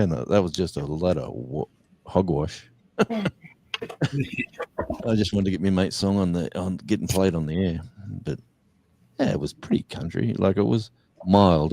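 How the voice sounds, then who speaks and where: A man's voice: low voice, vocal fry, mellow, no echo. A man, a former radio host, chatting casually on a live stream and rambling through anecdotes. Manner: rambling storyteller, acts out voices in anecdotes, chuckles.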